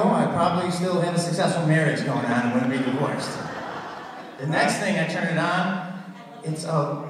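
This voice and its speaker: A man's voice: a little high, distant mic. Man doing stand-up in an echoey hall. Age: 30s. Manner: crude, rambling storytelling with many put-on voices. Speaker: stand-up comedian. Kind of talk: stand-up comedy set. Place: theater stage.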